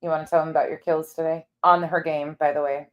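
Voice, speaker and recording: A woman's voice: sits low, level tone, quick pace, lo-fi sound. A middle-aged woman hosting a casual livestream chat, talking loosely, laughing often and swearing freely. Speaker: livestream host.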